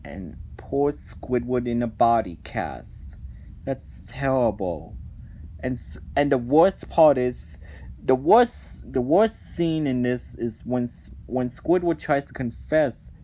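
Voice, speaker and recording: A man's voice: mid-range voice, expressive, takes it slowly, mellow. A man reviewing cartoon episodes in a ranting commentary, indignant and exasperated, often restarting his sentences.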